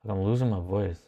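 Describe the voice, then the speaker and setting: A man hosting a live stream, chatting casually and thinking aloud as he tries out software. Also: fairly low pitch, clear, resonant tone, muffled recording. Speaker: livestream host testing software.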